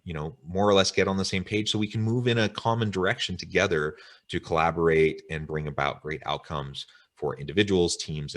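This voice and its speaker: Male webinar host, very deep voice, thoughtful and long-winded, on a video call. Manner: reflective, wordy, with filler ums. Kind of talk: interview chat.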